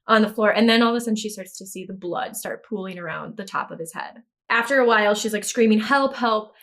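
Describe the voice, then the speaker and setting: A woman's voice: medium pitch, fast, fairly bright tone. A woman co-hosting a podcast, retelling a movie plot in casual chat, swearing freely and acting out the lines. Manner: blunt, swears freely, laughs often, acts out lines. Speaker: podcast co-host.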